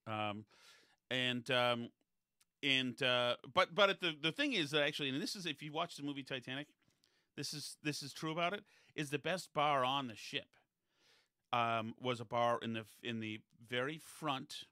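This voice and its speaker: Bright-voiced man telling rambling stories. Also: mid-range voice, normal speed, no room sound, clean studio sound. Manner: digressive, chatty anecdote-telling. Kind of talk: casual podcast chat.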